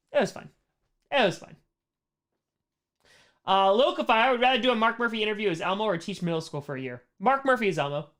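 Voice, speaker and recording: A man's voice: high voice, a bit bright. A man hosting a casual livestream Q&A, answering chat questions in a rambling way, full of "like" fillers and blunt opinions. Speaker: streamer host answering chat.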